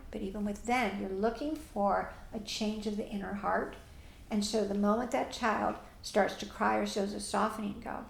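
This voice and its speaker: A woman's voice: medium pitch, vocal fry, reverberant, slight background noise. A woman teaching parents and answering audience questions, plainspoken and direct, often acting out what parents and children say.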